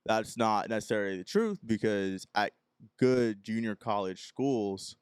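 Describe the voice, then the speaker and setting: A young man from Texas tells a long anecdote on his solo podcast. His voice sits low and sounds smooth and resonant, and he jumps into the voices of the people in his story. The sound is close and dry, with no room in it. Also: lively intonation, a little slow, dry recording. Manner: rambling anecdote, acting out the people he quotes. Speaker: podcast host.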